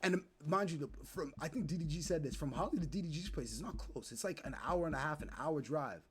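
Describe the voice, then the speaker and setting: A young man on a stream rants to his chat with animated, profane commentary, acting out the people he describes. His voice is a little high and a little fast, with a breathy edge.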